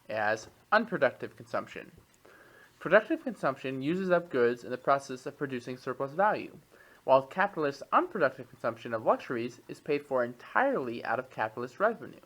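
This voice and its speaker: This reading-group member, a man with a mid-range voice, works through lengthy passages aloud before breaking off to muse casually about them. The recording quality is low.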